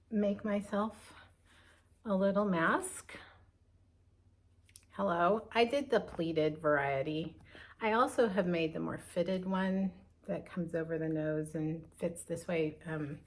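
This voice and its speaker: An older woman chatting casually to camera from home as a stitching vlogger, a bit breathless and rambling, with lots of fillers. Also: on the low side.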